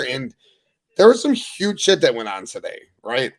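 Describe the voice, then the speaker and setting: A young man hosting a sports podcast, talking loosely and excitedly, with swearing. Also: medium pitch, moderate pace. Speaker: podcast host. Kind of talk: casual sports talk.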